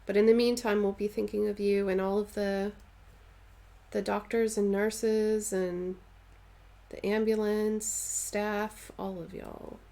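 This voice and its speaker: A woman's voice: medium pitch, little pitch movement, takes it slowly, creaky, dark tone. A woman chatting casually on a live stream while she stitches, answering viewers' comments and playfully dramatizing her stories.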